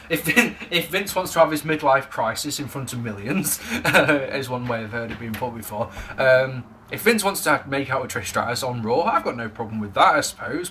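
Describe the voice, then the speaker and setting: A man's voice: medium pitch, bright, forceful tone, a little hiss or hum. A young man giving a casual, jokey, sweary spoken wrestling review to camera.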